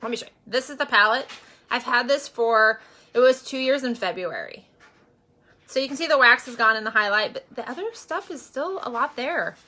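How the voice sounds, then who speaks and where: A woman's voice: fairly high pitch, lively intonation, moderate pace, bright, forceful tone. A woman, likely in her forties, chatting casually through a makeup vlog, rambling with lots of fillers and growing earnest about her faith. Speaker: makeup vlogger and direct seller.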